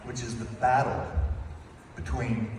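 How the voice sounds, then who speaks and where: A man's voice: mid-range voice, flat delivery, measured pace, a little mellow. A man in his fifties giving a playful, teasing wedding toast as father of the bride. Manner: playful, teasing, acts out voices. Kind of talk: comic wedding speech storytelling. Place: large wedding reception hall. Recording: echoey hall, distant mic, room noise.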